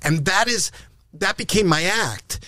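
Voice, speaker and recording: An older man from Canada, a podcast guest, telling stories in conversation, acting out quoted lines and often repeating and restarting words. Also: unhurried. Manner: animated, acts out quoted lines with rising pitch. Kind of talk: anecdotal storytelling in conversation.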